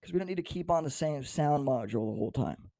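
Playful young man, mellow voice. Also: on the high side, expressive, fast, dry recording, clean studio sound. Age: 20s. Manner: playful, self-mocking, swings in volume. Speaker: stand-up comedian. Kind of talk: comedic monologue.

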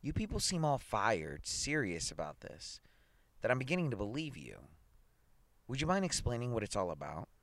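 A man's voice: medium pitch, huge pitch swings, moderate pace, creaky, a bit bright, pitched above the performer's own voice, heavily acted. A man reading aloud, voicing a curious, wisecracking male newspaper columnist in a casual tone.

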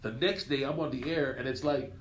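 A man's voice: mid-range voice, fairly quick. A man in his fifties telling stories casually as an interview guest, acting out other people's lines as he goes. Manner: lively storyteller who acts out others' lines. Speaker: radio personality guest. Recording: echoey room.

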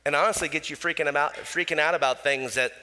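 A man preaching a sermon in a relaxed, conversational way, with casual asides and small chuckles. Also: on the high side, quick pace, big-room sound. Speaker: pastor.

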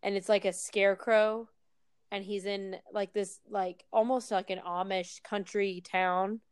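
Young woman gushing bout a show she loves, smooth clear voice, dry sound. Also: mid-range voice, little pitch movement, measured pace, no echo. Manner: gushing, emphatic, hesitant with ums. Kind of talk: casual chat.

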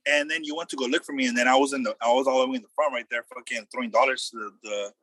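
A young man telling a wild story in loose, slangy casual chat, acting out the quotes loudly. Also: mid-range voice, fairly even intonation, rapid-fire, slightly rough, no echo.

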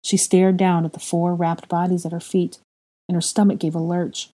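A woman with a low, soft, mellow voice narrates a heavy story. She reads the plain passages evenly and jumps up in pitch and volume when characters shout. Her tone stays warm and unhurried between the outbursts. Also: flat delivery. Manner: emotional, raises voice sharply for dialogue. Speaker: fan fiction reader.

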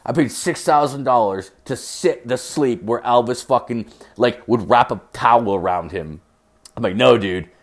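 A man's voice: mid-range voice, moderate pace. A young man from Canada hosting a podcast, telling a story in a rowdy, profane way and acting out both sides of the conversation. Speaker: podcast host. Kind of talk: casual storytelling monologue.

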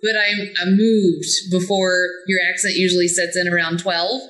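A woman's voice: fairly low pitch, little pitch movement, moderate pace, a bit bright, rough recording. A woman from the American South playing a tabletop game, chatting casually and laughing often. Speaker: player.

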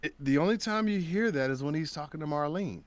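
Lively storytelling man, dry close sound. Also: a little high, quick pace, no room sound. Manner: animated storyteller who acts out quoted voices. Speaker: voice actor guest. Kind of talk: casual interview chat.

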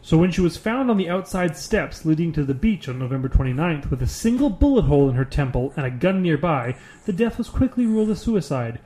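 A man's voice: a little high, very animated, brisk, hardly any pauses, mellow. A young man co-hosting a podcast, reading a list aloud in a casual way with sarcastic, bored asides. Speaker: podcast co-host.

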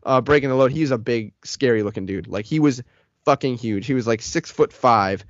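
A man's voice: mid-range voice, moderate pace, no echo. Man telling a work story on a lo-fi mic. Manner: animated, profane storytelling. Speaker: podcast co-host. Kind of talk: casual storytelling chat. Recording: dull, lo-fi, dry sound.

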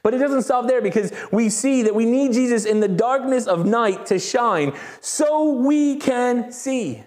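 A man preaching a sermon in a lively, conversational way. He acts out quoted voices and calls on the congregation to answer him. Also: very high-pitched, measured pace. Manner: asks the congregation for call-and-response. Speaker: pastor. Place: church service.

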